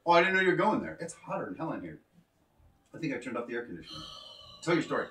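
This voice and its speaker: A man co-hosts a live chat, joking and teasing with a lively, swooping voice. He sits back from the mic in an echoey room at home, so his voice sounds a little distant. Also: medium pitch, rapid-fire, a little hiss or hum. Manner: joking, playful, self-mocking. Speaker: co-host of a live show. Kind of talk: casual live-stream chat.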